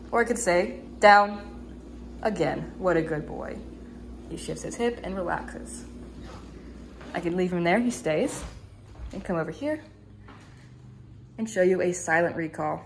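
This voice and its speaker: A woman dog trainer giving a calm, matter-of-fact demonstration inside a house, explaining to viewers between brisk praise for her dog. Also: fairly low pitch, a little hiss or hum. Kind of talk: instructional demonstration.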